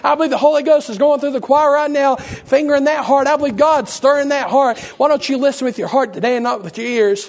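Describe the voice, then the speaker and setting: A man preaching a fervent sermon with a hoarse, worn voice, praying with a repeated "Lord" and building to shouts. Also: extremely high pitch, quick pace, few pauses. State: hoarse, losing his voice.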